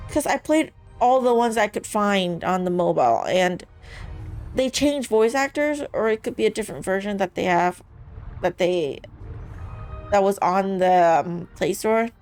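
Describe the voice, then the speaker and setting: A woman giving casual let's-play commentary, chatty and rambling, often trailing off mid-thought. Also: on the high side. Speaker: gamer streaming a playthrough.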